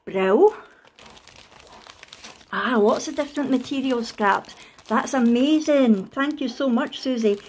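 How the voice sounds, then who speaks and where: A Scottish woman in a casual craft unboxing vlog, excitable and gushing, with frequent gasps and delighted exclamations. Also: fairly high pitch, takes it slowly, pauses often, slight background noise. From Scotland. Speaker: craft vlogger.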